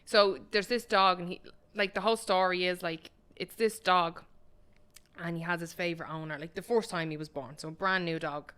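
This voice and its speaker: A woman's voice: on the low side, fairly even intonation, moderate pace, a bit bright, clear, resonant tone. A woman co-hosting a podcast in casual chat, telling stories animatedly and swearing freely. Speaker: podcast co-host.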